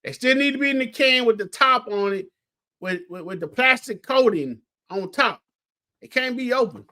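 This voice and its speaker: A man's voice: extremely high pitch, animated, moderate pace, bright, forceful tone. A man cohosting a casual sports chat, teasing his partner and telling stories. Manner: storytelling, teasing, laughing.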